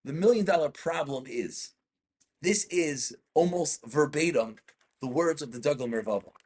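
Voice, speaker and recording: A man's voice: fairly high pitch, animated, moderate pace, darkish tone, slightly rough. A man teaching an in-depth class on Jewish law, reading Hebrew texts aloud and explaining them.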